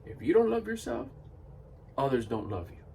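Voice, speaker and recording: A man's voice: on the high side, sing-song, moderate pace, creaky, warm tone, distant mic, a little hiss or hum. A man giving a blunt, emphatic motivational monologue to camera. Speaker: motivational vlogger.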